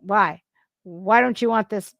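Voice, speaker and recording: A woman's voice: medium pitch, slow, vocal fry, no room sound, highs cut off. A woman hosting a casual political reaction show, blunt and heated, swearing freely and breaking into sudden outbursts. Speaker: political commentary host.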